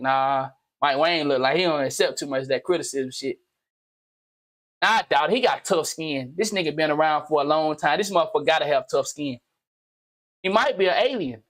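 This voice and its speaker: A man hosting a gaming channel, delivering a loud, slangy, profane comedic rant that swings into shouting. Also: high voice. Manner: slangy, repetitive, teasing.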